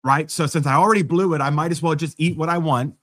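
A man's voice: on the high side, quick pace, fairly bright tone. A man preaching a sermon as pastor, in a conversational style with self-deprecating humor.

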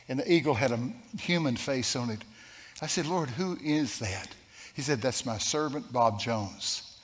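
A man preaching and spinning a tale from the pulpit, his voice landing at an everyday pitch. He bursts into shouts whenever he quotes someone. A long reverb trails each phrase around the hall. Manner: animated, shouting quoted lines. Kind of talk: sermon storytelling.

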